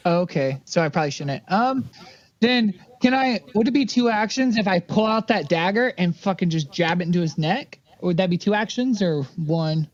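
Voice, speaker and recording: A man's voice: high-pitched, lively intonation, moderate pace. A man playing a tabletop game, talking hesitantly, stumbling over his words and swearing often. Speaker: player. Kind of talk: casual tabletop play. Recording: dry, dull lo-fi mic.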